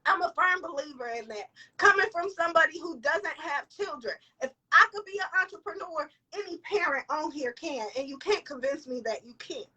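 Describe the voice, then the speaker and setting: A woman's voice: high voice, animated, normal speed, hardly any pauses, sharp tone, distant mic, rough recording. A young woman vlogger giving an emotional motivational talk, tearful and sniffling, repeating lines for emphasis. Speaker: vlogger and entrepreneur.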